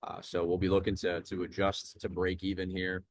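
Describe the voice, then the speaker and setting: A man's voice: deep voice, completely flat delivery, normal speed, dry recording, clean studio sound. A young man hosting a trading livestream, talking in a laid-back, chatty way and reading viewer questions aloud. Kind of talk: casual live-stream commentary.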